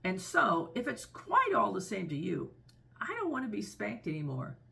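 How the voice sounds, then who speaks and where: A woman voicing a polite, curious young elephant calf in a storybook reading, talking high and pleading. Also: huge pitch swings, moderate pace, creaky, sharp tone, heavily acted.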